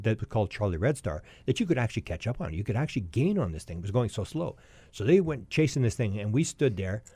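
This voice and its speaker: A man in his sixties telling a long personal story as a podcast guest, lively and anecdotal, often restarting his sentences. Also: medium pitch, no room sound. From Canada.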